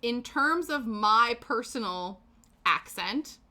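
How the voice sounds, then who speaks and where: Female streamer, casual chatter, unhurried delivery, self-deprecating humor. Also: on the high side, expressive, sharp tone. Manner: chatty, self-mocking, giggly. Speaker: livestream host. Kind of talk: casual livestream chat while crafting.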